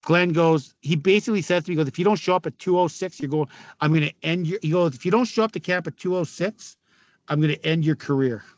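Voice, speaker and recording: A raspy middle-aged man from Canada spins loud, laugh-filled stories as an interview guest. His voice sits high for a man and sounds dry and close. He swears freely. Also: fast, no room sound, highs cut off. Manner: laughing often, swearing, animated anecdotes. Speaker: guest, former hockey player. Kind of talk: casual storytelling interview.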